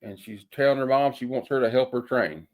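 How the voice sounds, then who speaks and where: A man's voice: mid-range voice, brisk. Rambling, folksy man reviewing comics. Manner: rambling, hesitant with many fillers; folksy sayings.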